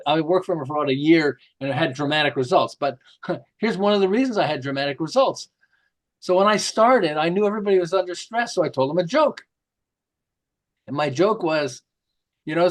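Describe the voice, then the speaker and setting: A middle-aged man, a marketing author, telling lively stories in an interview and acting out the quotes. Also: high voice. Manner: lively, jokey, acts out quotes with laughs. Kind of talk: animated storytelling interview.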